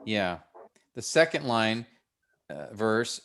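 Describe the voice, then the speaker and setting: Man teaching calmly, middle pitch. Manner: unhurried, explains step by step with restarts. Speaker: teacher at a pastors' workshop. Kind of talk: relaxed classroom teaching.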